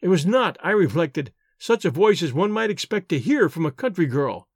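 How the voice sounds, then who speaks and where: A man narrating a novel aloud in an expressive, measured reading. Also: high-pitched, slightly rough, dry recording, clean studio sound. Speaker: audiobook narrator.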